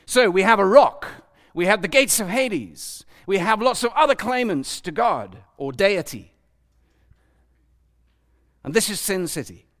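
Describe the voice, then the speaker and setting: Lively, animated male preacher. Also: high voice, measured pace. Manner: animated, questions the audience, acts out quoted voices. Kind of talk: sermon.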